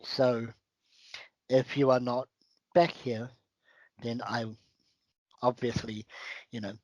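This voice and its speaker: A man's voice: medium pitch, fairly even intonation, slow, dry recording, rough recording. A man hosting a casual talk, giving advice and breaking things down step by step. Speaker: podcast host giving advice. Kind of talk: casual conversation.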